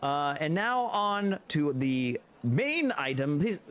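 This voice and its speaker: A prim, officious lady auctioneer calling out lots in a tabletop fantasy game, as a man puts her on. She speaks high and slow, drawing out each word with ceremony. Her delivery swoops up and down. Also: big pitch swings, a bit bright, smooth, heavily acted. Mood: announcing. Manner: high, drawn-out announcing voice. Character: fussy, officious female auctioneer.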